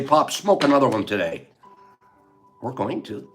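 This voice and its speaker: A man's voice: medium pitch, expressive, a little slow, pauses often, soft background music. An older man hosting a casual livestream, emotional and heartfelt, laughing often as he chats with viewers. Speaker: livestream host.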